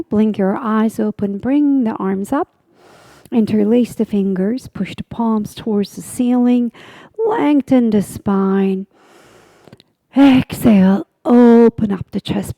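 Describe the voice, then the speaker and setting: A woman teaching a guided yoga class, giving slow, soothing cues that often drop to a half-whisper. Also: mid-range voice, creaky, dark tone, no echo.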